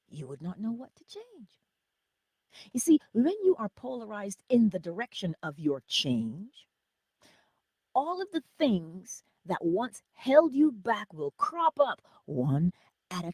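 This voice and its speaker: This woman teaches inspirational lessons on a livestream, speaking straight to viewers and answering their chat comments. Her husky voice swings through a very animated pitch, dropping into whispered asides and frequent chuckles. The sound is dry and close, with no echo.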